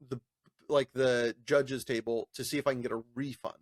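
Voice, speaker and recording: A man's voice: moderate pace, dry recording, studio quality. A man telling a long story in casual chat, swearing, laughing and mimicking others. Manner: animated, profane, laughing, mimics people in high voices. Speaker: podcast co-host.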